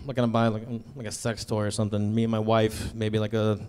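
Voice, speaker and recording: A man's voice: on the low side, completely flat delivery, quick pace, a little mellow, clean tone. A man performing a stand-up comedy set, telling a story in an awkward, sheepish way with bursts of exasperation. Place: comedy stage before a live audience.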